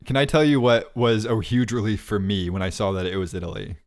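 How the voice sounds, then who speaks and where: A man's voice: fairly low pitch, brisk. Joking, rambling young man podcasting. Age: 20s. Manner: joking, rambling bits with frequent laughs. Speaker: podcast co-host. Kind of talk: casual chat.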